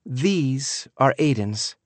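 A man voicing a cheerful, affectionate young adult daughter, bright and breezy. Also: mid-range voice, lively intonation, moderate pace, no echo, voice pushed up, close to an everyday voice. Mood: proud.

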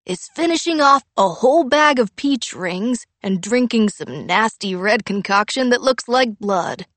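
A woman's voice: on the high side, lively intonation, measured pace, fairly bright tone, no echo, pitched above the performer's own voice. Woman doing a theatrical, joking teen boy. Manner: theatrical, mocking. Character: teasing teenage boy, joker storyteller.

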